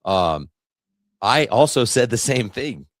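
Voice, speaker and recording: A man's voice: mid-range voice, very animated, slow, dry recording, studio quality. A man hosting a podcast, chatting with a guest in an easygoing way and laughing often. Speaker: podcast host. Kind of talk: casual conversational interview.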